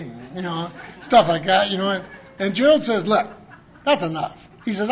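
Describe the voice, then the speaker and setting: A high-voiced man tells stories at a conference in a folksy, rambling way, often restarting his sentences and putting on the voices of people he quotes. The recording is dull and lo-fi, with a faint hiss under his voice. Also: expressive, normal speed. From Montana. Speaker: conference speaker. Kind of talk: recovery talk storytelling. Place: conference hall. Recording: lo-fi conference tape.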